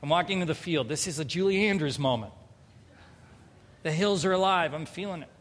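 A man's voice: a little high, brisk, fairly bright tone. Man preaching in a reverberant hall. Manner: humorous, confessional, acts out dialogue. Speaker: pastor. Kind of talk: sermon with storytelling.

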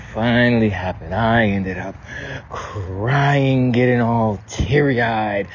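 A man's voice: lowish voice, muffled recording, a little hiss or hum. A man on a pier by the water, teary and close to crying as he talks to a spirit in a profane, emotional prayer. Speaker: vlogger leading a prayer. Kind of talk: emotional outdoor prayer vlog.

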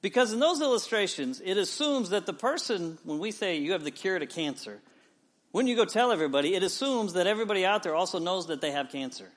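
A man in his forties, a pastor, preaching a sermon and telling a personal story with lively swings from loud to quiet. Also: fast. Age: 40s. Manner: storytelling with wide swings in pitch and loudness.

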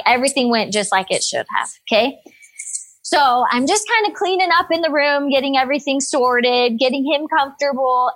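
High-voiced upbeat nurse, a woman. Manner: upbeat, energetic and expressive. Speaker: emergency room nurse. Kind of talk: casual storytelling in conversation.

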